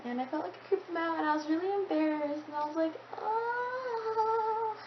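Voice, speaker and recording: A teenage girl answering Q&A questions hesitantly, full of fillers, in quick bursts. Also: high voice, fairly even intonation, lo-fi sound, a little hiss or hum. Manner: hesitant, filler-heavy, speeding up. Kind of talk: casual Q&A chat.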